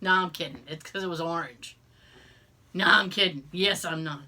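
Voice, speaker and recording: A woman co-hosting a podcast, telling a story in casual chat, animated and exasperated, swearing freely and joking. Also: fairly low pitch, moderate pace. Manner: jokey, contradicts herself for laughs. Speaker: podcast co-host.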